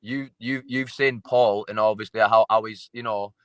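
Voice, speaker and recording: Male fighter, mid-pitch, dry close sound, blunt sweary chat. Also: steady tone, normal speed, dry recording. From England. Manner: swearing, blunt, repeats himself. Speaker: MMA fighter guest. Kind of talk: casual interview chat.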